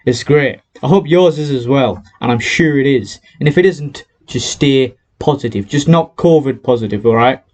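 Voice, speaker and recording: A man's voice: mid-range voice, normal speed, few pauses, darkish tone. A teenage boy from North East England with a North East English accent, chatting cheerfully in a casual vlog and laughing between sentences, recorded on a headset mic. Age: teens. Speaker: YouTuber.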